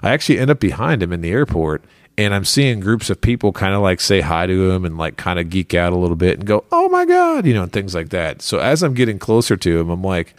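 Fast-talking man telling a story. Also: low-pitched, clean tone, no echo, clean studio sound. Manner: animated, rambling, heavy on fillers. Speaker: podcast host. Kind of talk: casual storytelling chat.

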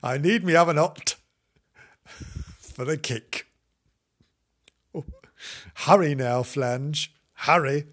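A man voicing a bossy, shrill middle-aged housewife who scolds her husband. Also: slow, pauses often, fairly bright tone. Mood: urgent.

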